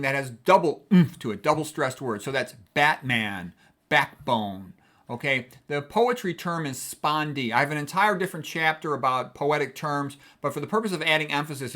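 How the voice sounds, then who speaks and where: With a fairly high, bright, and forceful voice, a middle-aged man gives a casual writing lecture. He stays chatty and conversational, regularly checking in with "okay."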